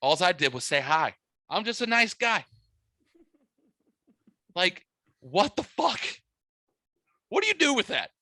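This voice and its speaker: A man's voice: high voice, huge pitch swings, a little slow, long pauses, sharp tone, no echo. A man hosting a podcast, telling a story in casual chat with crude language and quoted voices. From Midwest United States. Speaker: podcast host.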